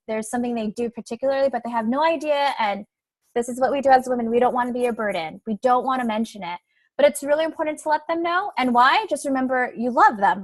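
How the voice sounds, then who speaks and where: A woman's voice: fairly high pitch, no room sound. A young adult woman coach giving a webinar talk in a conversational way, often tagging her points with "right?" and "like". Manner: conversational, frequent "right?" and "like" tags.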